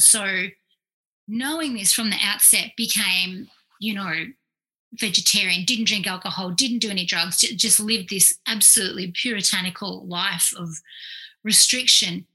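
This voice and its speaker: A woman, a clinical psychologist, telling stories in a casual, animated way, full of fillers and quoted asides. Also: mid-range voice, moderate pace, poor audio. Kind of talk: casual storytelling in conversation.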